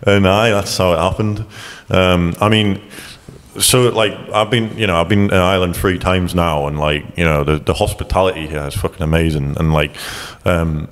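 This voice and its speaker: A man's voice: low-pitched, fairly even intonation, moderate pace. A man chatting on a podcast as a guest, cursing freely and laughing while he tells stories. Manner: swears a lot, laughs while telling stories. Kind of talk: casual chat. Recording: long hall reverb.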